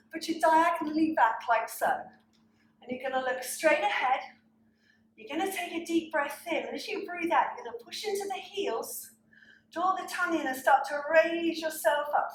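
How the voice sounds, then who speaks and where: A woman's voice: high voice, echoey room, slight background noise, poor audio. A woman teaching a pilates class, cueing breaths and counting reps while slightly out of breath. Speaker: pilates instructor. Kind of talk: guided workout instruction.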